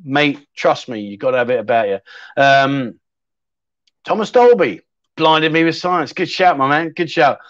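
A man's voice: fairly high pitch, unhurried, dry recording, dull audio. Chatty man hosting a livestream. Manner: chatty, rambling, reads out viewer comments. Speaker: livestream host. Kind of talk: casual livestream chat.

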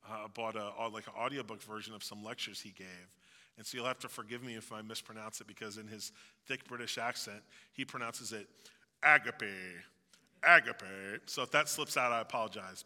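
Bright-voiced man preaching in a reverberant hall. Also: a little high. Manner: earnest preaching with jokey asides. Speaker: pastor. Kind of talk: sermon.

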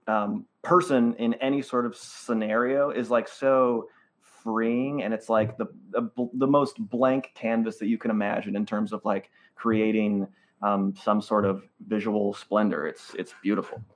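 A male comedian guests on a casual podcast, speaking a bit slowly in a lowish, steady voice. He rambles and pokes fun at himself, using plenty of fillers.

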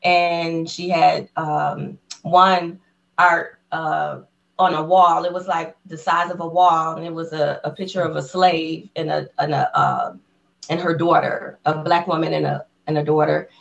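A woman guest on an interview podcast, excitedly telling a personal story in casual conversation. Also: low voice, unhurried, vocal fry, highs cut off. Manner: excited storyteller who acts out the voices of people in her story.

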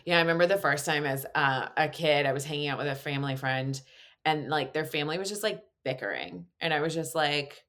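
A woman in casual chat who affirms the other speaker and grows animated when she tells stories. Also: sits low, a little fast. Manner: warm affirming listener, animated when telling stories, laughs easily.

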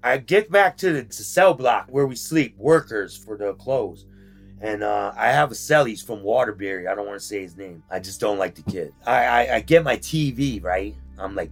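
A man casually telling about his time in prison, in street slang, with animated retelling. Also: lowish voice, vocal fry, breathy edge. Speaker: former inmate telling his story. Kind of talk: casual storytelling.

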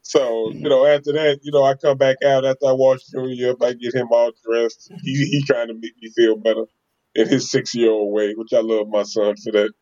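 A man tells a casual, animated story to his co-hosts, often laughing and acting out what people said. His voice sits in an ordinary middle pitch. The recording is slightly dull and lo-fi. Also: a little fast.

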